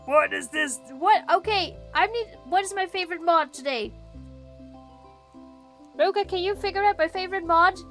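A woman streaming a video game live, chatting and giggling with her viewers in an animated way. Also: very high-pitched, normal speed, long pauses, soft background music.

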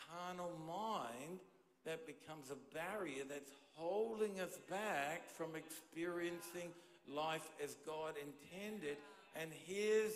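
A man preaching to a church congregation, his somewhat high voice carried by a handheld microphone. He talks in a conversational way and keeps checking in with his listeners. The sound rings around a large, reverberant hall. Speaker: pastor. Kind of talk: sermon. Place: church auditorium. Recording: echoey hall with long reverb.

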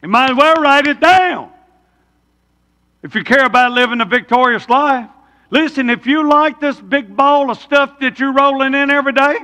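A man's voice: high-pitched, sharp tone. A man preaching a sermon, folksy, throwing rhetorical questions at the congregation. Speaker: pastor. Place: church sanctuary. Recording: long church reverb.

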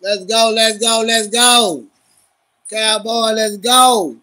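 A man livestreaming his reactions to a football game, loud and profane, cheering on and scolding his team. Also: high-pitched, slow pace. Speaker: livestream host.

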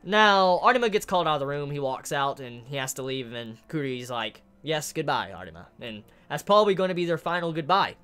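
A man's voice: on the high side, animated, a little fast, few pauses, fairly bright tone, clean tone. A man casually reviewing a manga chapter who gets openly worked up and swears as he talks.

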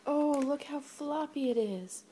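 A woman's voice: high-pitched, unhurried, a little hiss or hum. Gushing woman unboxing on her phone. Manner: gushing, breathless excitement with gasps. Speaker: vlogger. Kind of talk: casual unboxing chat. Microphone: phone held in hand.

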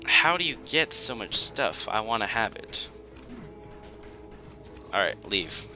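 Over background music, a young man narrates his strategy game as a gaming YouTuber, pleading with and teasing the enemy in theatrical self-deprecation. His low-leaning voice swings widely in pitch, and his pace is unhurried.

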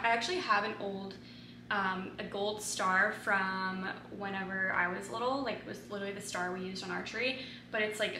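A young woman vlogger showing off holiday shopping in a casual, gushing chat, full of "like" and "so freaking cute.". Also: mid-range voice. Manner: chatty, gushing, lots of "like". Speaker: lifestyle vlogger. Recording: echoey room with noticeable noise.

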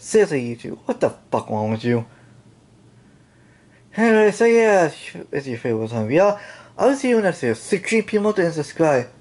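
A slow-talking channel host delivers an angry commentary rant, swearing constantly and sighing between complaints. The speech comes in halting bursts, full of restarts and repeated exasperated questions. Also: mid-range voice, darkish tone. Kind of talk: angry ranting commentary over screen content.

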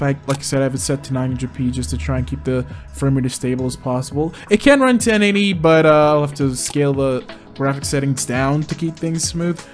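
A man giving chatty gameplay commentary as a game reviewer, exclaiming often and laughing at his own mistakes. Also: medium pitch. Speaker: game reviewer and channel host.

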